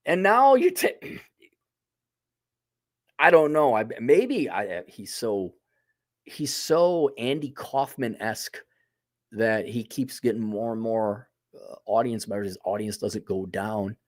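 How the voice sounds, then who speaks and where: A man's voice: fairly low pitch, lively intonation, takes it slowly, long pauses, no room sound, studio quality. A man hosting a casual opinion monologue, talking in a blunt, sardonic, profane way. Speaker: host.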